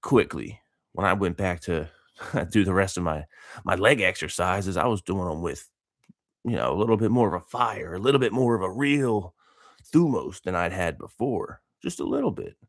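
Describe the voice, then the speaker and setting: Laid-back deep-voiced man rambling. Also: expressive, normal speed, dry recording, clean studio sound. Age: 30s. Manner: rambling, laid-back, laughs often, dude slang. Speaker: vlogger and coach. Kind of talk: casual motivational monologue.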